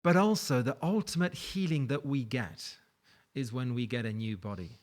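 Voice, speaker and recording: A man's voice: mid-range voice, moderate pace. A man preaching a sermon in a conversational, storytelling way, with light laughs. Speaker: pastor.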